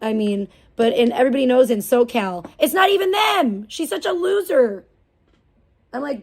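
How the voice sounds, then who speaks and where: A woman streamer in the middle of an angry rant, swearing hard and dripping with contempt. Her voice sits a little high for a woman. She mocks as much as she talks. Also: animated, moderate pace, darkish tone, slightly rough. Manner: profane, scornful, mocking. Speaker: live streamer. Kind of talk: angry ranting live stream.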